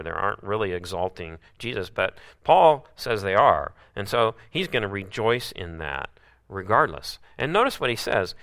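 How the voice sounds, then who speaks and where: A man's voice: fairly low pitch, fairly bright tone. A man preaching a sermon, often putting rhetorical questions to his listeners.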